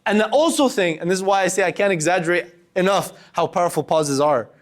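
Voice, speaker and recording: A young man with a fairly high voice leads a speaking workshop in front of a live group. He is animated, swinging between loud and soft and stretching out his pauses to make a point. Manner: animated, varies loudness and pace for demonstration. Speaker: workshop instructor. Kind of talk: public speaking lesson to a student group. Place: room with a live audience.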